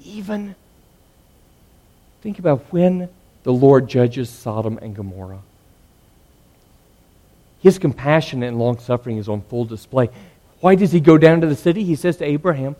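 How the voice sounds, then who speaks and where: Earnest male preacher, mellow voice. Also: medium pitch, expressive, moderate pace, pauses often. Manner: earnest, swings from loud emphatic to hushed. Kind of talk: sermon.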